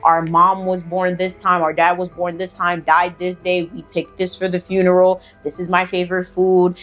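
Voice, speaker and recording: A woman's voice: lowish voice, completely flat delivery, normal speed, fairly bright tone, soft background music, lightly acted. A woman voicing a cocky man back from years as a zombie, boastful and taunting as she tells a spooky story.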